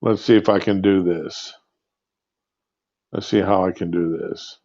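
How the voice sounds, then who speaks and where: A lowish-voiced man rants off the cuff, rambling, halting and filled with "uh"s. He talks into a phone earbud mic, so the sound is dull and lo-fi. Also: fairly even intonation, darkish tone. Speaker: livestream host. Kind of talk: impromptu rant. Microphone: earbud with built-in mic on a phone.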